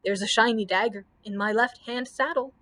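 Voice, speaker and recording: A woman's voice: on the high side, normal speed, a bit bright, lightly acted. A woman voicing a fussy, nervous male camel with a wheezing manner. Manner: wheezing, fretful.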